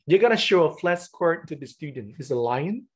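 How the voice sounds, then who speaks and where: A man's voice: a little high, expressive, moderate pace, darkish tone, breathy edge. A man whose first language is Vietnamese, running an online teacher-training session over a webcam and explaining classroom games step by step.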